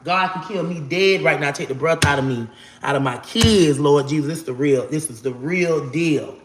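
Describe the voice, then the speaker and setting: A woman's voice: deep voice, moderate pace. Woman, 40s, casual storyteller: emphatic and direct with viewers, recorded in a echoey room. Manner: emphatic, swears oaths to God, addresses viewers as y'all. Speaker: storyteller vlogger.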